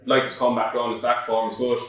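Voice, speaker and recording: A man's voice: medium pitch, completely flat delivery, fast talker, fairly bright tone. A man hosting a horse racing podcast, giving blunt, emphatic opinions in casual chat. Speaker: podcast host. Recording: echoey room, far from mic.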